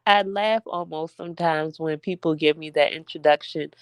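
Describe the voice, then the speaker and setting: A woman's voice: deep voice, moderate pace, hardly any pauses, smooth, dry recording, clean studio sound. A young woman venting to her viewers in a casual, emphatic heart-to-heart, addressing them as y'all. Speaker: vlogger.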